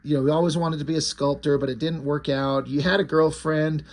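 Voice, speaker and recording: A man's voice: fairly high pitch, fairly even intonation, fairly quick. A man casually retelling a graphic novel's plot in a loose, rambling way. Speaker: book reviewer.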